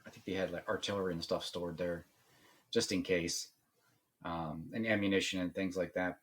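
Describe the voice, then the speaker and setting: A man from Pennsylvania co-hosting a paranormal podcast, easygoing, mostly agreeing and musing aloud about history. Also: deep voice. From Pennsylvania, USA. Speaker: podcast co-host, paranormal investigator. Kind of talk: casual chat.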